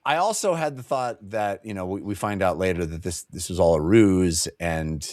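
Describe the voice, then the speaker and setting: A man's voice: low voice, moderate pace, a little mellow, no echo, clean studio sound. A man co-hosting a book club podcast, retelling the plot in a rambling, jokey way and laughing often. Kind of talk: casual chat.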